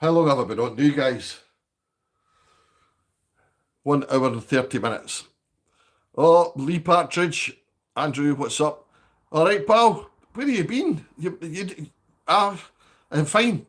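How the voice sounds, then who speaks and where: A Scottish man holds a relaxed live-stream chat from his home, his voice sitting a little higher than most men's. He natters on to his viewers, reads their comments out loud and keeps nudging them for likes. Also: slow pace, long pauses.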